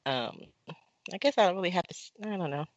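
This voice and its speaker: A podcast host opening the show and chatting casually, playful and animated. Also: mid-range voice, fast talker, no echo, dull audio. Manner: lively, playful, jumps between loud and soft.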